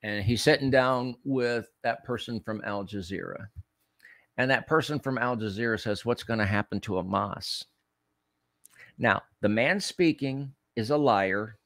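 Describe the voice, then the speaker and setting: A man's voice: mid-range voice, unhurried, fairly bright tone, dry recording. A man hosting a political commentary show, speaking in a heated, emphatic way and repeating phrases for effect.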